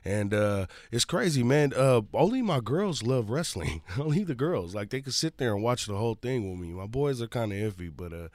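A man's voice: medium pitch, big pitch swings, moderate pace, few pauses, a little mellow, no room sound. A man in his twenties in casual chat, laid-back, tacking "man" onto most of his lines. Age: 20s.

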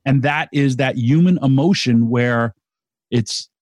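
A middle-aged man co-hosting a casual podcast, talking in an excitable, rambling way with quick restarts. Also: medium pitch, no echo. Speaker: podcast co-host. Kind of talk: casual wrestling chat.

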